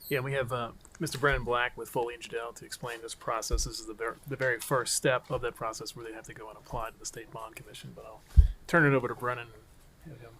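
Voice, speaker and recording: Quick, bright-voiced parish president. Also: male voice, mid-range voice, flat delivery, poor audio.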